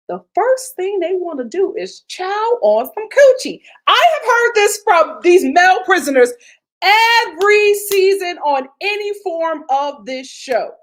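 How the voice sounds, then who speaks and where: A woman hosting a live review of a reality TV show, gossipy and animated, laughing often as she talks. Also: very high voice, slow, rough recording. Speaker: TV show reviewer, channel host.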